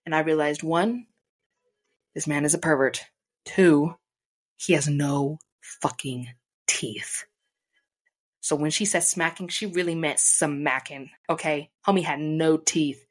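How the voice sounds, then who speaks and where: A young woman vlogger casually telling a profane, animated story, acting out the people she quotes. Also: sits low, slow, long pauses. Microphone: desk mic.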